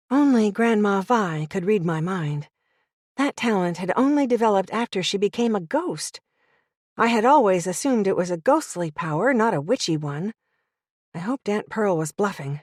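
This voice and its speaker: A woman's voice: medium pitch, lively intonation, moderate pace, a little mellow, no room sound, clean studio sound. Woman reading a first-person audiobook. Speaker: audiobook narrator.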